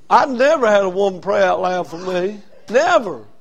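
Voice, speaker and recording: A man preaching a sermon as a Baptist pastor, telling a story that swings from quiet and low to loud and raised. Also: lively intonation, normal speed.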